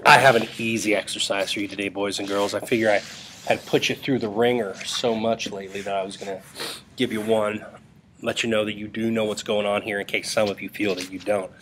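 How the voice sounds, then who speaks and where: A man's voice: fairly low pitch, steady tone, fairly quick, background noise. A male English teacher giving a casual, joking lesson to students over a screen recording. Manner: playful and jokey, talking to students.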